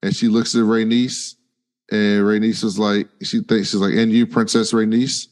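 A man's voice: fairly low pitch, little pitch movement, moderate pace. A man co-hosting a podcast, retelling scenes in casual slangy paraphrase. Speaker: podcast co-host. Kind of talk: casual recap chat.

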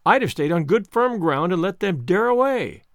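Brisk scolding older spinster, high lively voice, read by a man, dry sound. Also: creaky, no echo, heavily acted. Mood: sharp. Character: sharp, sensible older spinster woman.

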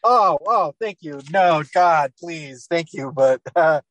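A man trading crude jokes in a casual podcast conversation. His voice sits a little high. The recording is dry and close. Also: lively intonation, slow, a bit bright, no echo. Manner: crude, joking, swearing. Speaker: podcast co-host. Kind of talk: casual chat.

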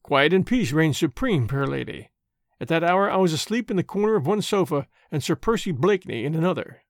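A smooth, sarcastic male agent, as a male narrator puts him on, full of quiet, mocking courtesy. He is pitched low against the narrator's usual voice. The storybook reading sounds close and dry. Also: expressive, brisk, no echo. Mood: sly. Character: sly, urbane, sarcastic male French agent.

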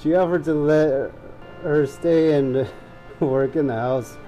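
A man's voice: a little high, fairly even intonation, slow, mellow, faint music behind, poor audio. A man co-hosting a comedy podcast, reading a ghost story aloud with stumbles and jokes. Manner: stumbling, joking reader. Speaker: podcast co-host.

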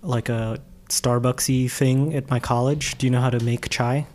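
Deadpan podcast co-host, dry quips, mid pitch. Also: normal speed. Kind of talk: casual anime recap chat.

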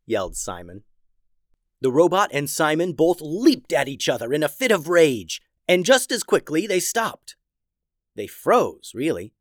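Male host reading a kids' story, animated pitch, dry close sound. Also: normal speed, no room sound. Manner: lively, expressive reading. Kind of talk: children's story narration.

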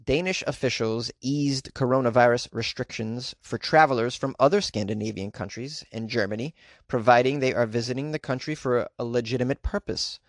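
A man's voice: mid-range voice, no echo, clean studio sound. A man hosting a show, reading odd news stories and adding sarcastic, joking remarks. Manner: sarcastic, joking asides with laughs. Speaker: host.

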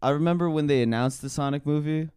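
An excitable man chatting casually on a podcast, his voice smooth and slightly high. He rambles in bursts and restarts often. The sound is dry and close. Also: fast talker, no room sound. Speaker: podcast co-host and voice actor. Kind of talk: casual chat.

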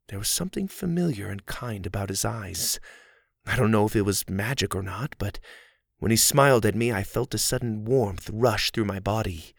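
A man narrating a fantasy story in the first person, dramatic, moving from hushed passages to loud, excited ones. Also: fairly low pitch, moderate pace, vocal fry, no echo, studio quality.

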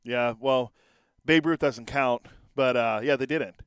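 A man's voice: mid-range voice, a bit bright, clear, resonant tone, no room sound. A man co-hosting a sports talk show, bantering casually into a studio microphone. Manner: casual, quick back-and-forth banter. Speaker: sports podcast co-host.

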